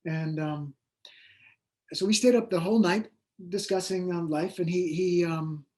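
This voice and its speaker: A man's voice: high-pitched, steady tone, a little slow, mellow. A man who is an author guest in an interview, telling his story in a rambling, hesitant way with many fillers. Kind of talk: conversational interview.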